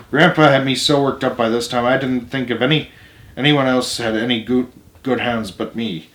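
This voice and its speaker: A man reading a novel aloud as storyteller, steady, with small self-corrections. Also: mid-range voice, normal speed. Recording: roomy echo.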